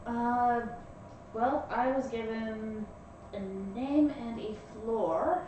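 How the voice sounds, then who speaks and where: A woman's voice: fairly high pitch, drawn-out words, warm tone. Dry, skeptical woman player, echoey room. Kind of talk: playing a tabletop game. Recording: very echoey room, distant mic, faint hiss.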